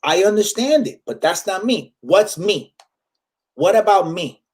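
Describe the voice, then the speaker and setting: A man, chatting casually as a comedian guest in an interview. His voice sits a bit high, and he flips freely between Spanish and English while acting out the people he quotes. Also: animated, measured pace, a little mellow. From Puerto Rico.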